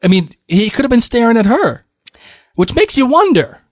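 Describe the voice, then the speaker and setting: A man's voice: extremely high pitch, normal speed, dry recording, clean studio sound. A man co-hosting a podcast, chatting enthusiastically and reading out listener messages. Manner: enthusiastic, animated, restarts often. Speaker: podcast co-host. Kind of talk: casual chat reading listener feedback.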